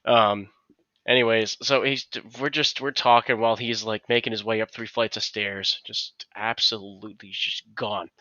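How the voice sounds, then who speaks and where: A man's voice: lowish voice, fairly even intonation, moderate pace, pushed and bright, no room sound, dull audio. Rambling man telling a long story. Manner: rambling, full of restarts and acted-out quotes. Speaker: podcast co-host. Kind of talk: casual storytelling chat.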